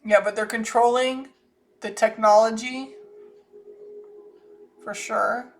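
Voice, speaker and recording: A woman's voice: a little high, steady tone, slow. A woman with a Southern US accent, talking casually through a psychic reading and thinking aloud with frequent restarts. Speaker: psychic channeler.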